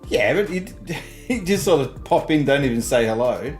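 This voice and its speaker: Male streamer, easygoing and chuckly, animated pitch. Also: moderate pace, faint music behind. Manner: laid-back, chuckling, muttering while fixing tech. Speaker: streamer hosting a game stream. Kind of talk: casual chat while streaming.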